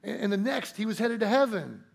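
A man preaching a sermon in a folksy, emphatic way, slowing down to stress key points. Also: sits high, very animated, gravelly, husky. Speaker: pastor.

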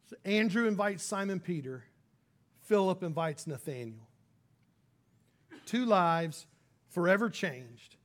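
Guy preaching, pretty high voice, chatty sermon, does voices for people he quotes. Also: slow, pauses often. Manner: casual and animated, acts out quoted speakers. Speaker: pastor. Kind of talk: conversational sermon.

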